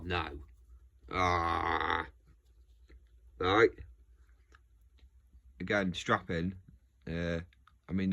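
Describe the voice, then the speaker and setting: A man musing casually to his video audience, rambling and restarting his sentences. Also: low-pitched. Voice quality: rambling, self-interrupting, frequent restarts. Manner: animated, laughs often. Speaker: video host.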